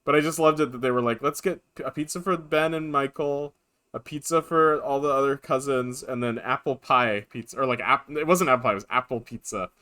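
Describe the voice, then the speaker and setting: A man streaming a video game live, chatting casually and rambling through animated anecdotes. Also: medium pitch, a little fast.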